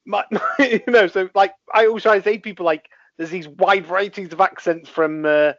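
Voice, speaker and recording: A man's voice: high voice, fairly even intonation, fairly quick, fairly bright tone, no echo. Easygoing British man, dry lo-fi sound. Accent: British English. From United Kingdom. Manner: easygoing, repeats words as he starts. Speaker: podcast co-host. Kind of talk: casual chat. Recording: dry, slightly dull lo-fi audio.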